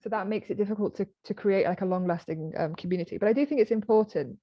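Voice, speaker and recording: British woman, 30s, animated storyteller guest, dry lo-fi recording. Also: medium pitch, fast talker, no echo. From Britain. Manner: animated storytelling, acting out quoted exchanges. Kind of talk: conversational interview.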